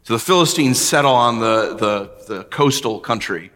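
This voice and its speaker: A man's voice: mid-range voice, animated, normal speed, fairly bright tone, in a large hall. A man from the United States preaching a sermon, telling stories animatedly and acting out his own past words. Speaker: pastor.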